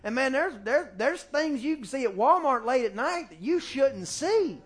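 A middle-aged man preaching a folksy, animated sermon in a church, speaking into a handheld microphone. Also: extremely high pitch, normal speed. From small-town US. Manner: folksy and animated, acting out family quotes. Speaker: pastor. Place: church sanctuary, music faint behind.

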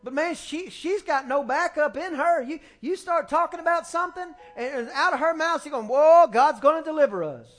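A middle-aged man preaching a folksy, animated sermon in a church, speaking into a handheld microphone. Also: extremely high pitch, moderate pace, hardly any pauses, soft background music. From small-town US. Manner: folksy and animated, acting out family quotes. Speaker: pastor. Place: church sanctuary, music faint behind.

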